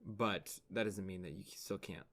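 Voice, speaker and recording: A man co-hosting a podcast, talking through a play in a relaxed way and thinking aloud with restarts. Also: low-pitched, normal speed. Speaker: podcast co-host. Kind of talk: casual theater discussion.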